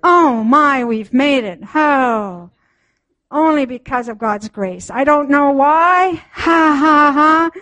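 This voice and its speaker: A woman's voice: sits high, expressive, slow pace, fairly bright tone, no room sound. An older woman giving an emotional church testimony, laughing often, sighing and exclaiming, sometimes near tears. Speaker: church member sharing testimony.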